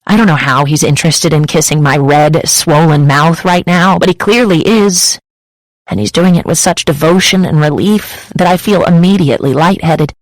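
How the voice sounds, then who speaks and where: A woman's voice: deep voice, moderate pace, no room sound, rough recording. A woman reading a first-person romance audiobook in an intimate, emotive way on a close studio mic. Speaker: audiobook narrator.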